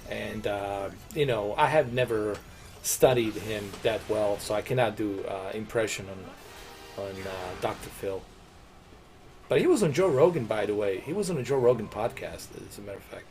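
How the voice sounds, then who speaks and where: A man's voice: lowish voice, normal speed, a little mellow, soft background music. A middle-aged man streaming games, chatting casually and rambling, with lots of "dude" and "man". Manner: rambling, laid-back, says dude and man a lot. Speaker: gaming streamer. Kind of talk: casual game-stream chat.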